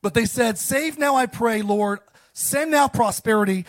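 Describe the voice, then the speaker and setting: Man, pastor, preaching a sermon, high voice, call-and-response, animated. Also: a little slow. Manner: call-and-response, animated with sudden loud lines.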